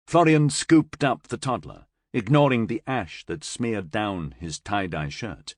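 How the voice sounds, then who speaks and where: Expressive male audiobook narrator. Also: fairly low pitch, measured pace, hardly any pauses, no echo, clean studio sound. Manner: expressive storytelling. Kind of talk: scripted narration.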